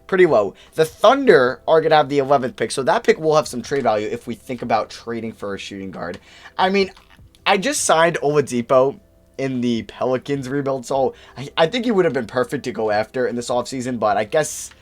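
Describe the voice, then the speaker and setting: A young man talks through a video game in casual commentary, his pitch swinging widely between flat musing and sudden excited jumps. He thinks aloud, reacts quickly, and keeps an easy, chatty flow at a desk mic. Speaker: gaming YouTuber.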